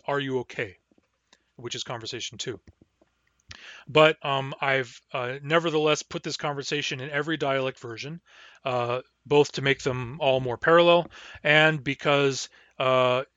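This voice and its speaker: A man teaching a language lesson, explaining grammar and modeling words slowly and carefully for learners to repeat. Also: medium pitch, bright, forceful tone, no room sound, lo-fi sound. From Barclay Sound region, Canada. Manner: patient, slow model pronunciations for repeating.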